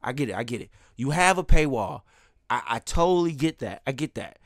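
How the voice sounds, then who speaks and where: A man's voice: medium pitch, animated, a little fast, gravelly, no echo, clean studio sound. A man ranting live as a streamer, heated and swearing, with laughs breaking in between lines.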